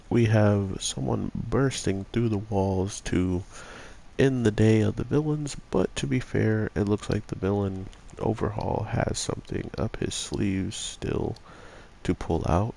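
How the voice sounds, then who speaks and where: Male anime reviewer, deep gravelly voice, sick and rough, casual rambling delivery. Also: a little mellow, a little hiss or hum. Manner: rambling, filler-heavy.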